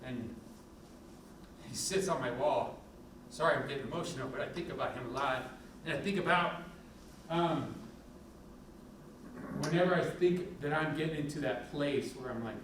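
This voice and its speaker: A man's voice: medium pitch, moderate pace, noisy background. Middle-aged man telling stories in a hall. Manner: candid, animated anecdotal storytelling. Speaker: police chief. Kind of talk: public talk with war stories. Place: university event hall. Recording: echoey hall from a distant mic.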